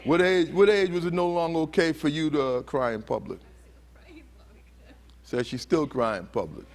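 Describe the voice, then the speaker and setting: A man's voice: fairly high pitch, normal speed, a faint crowd. Earnest man giving a conference talk. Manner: earnest, asks the audience questions and acts out heated quotes. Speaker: conference speaker. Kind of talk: motivational talk to a live audience. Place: conference hall.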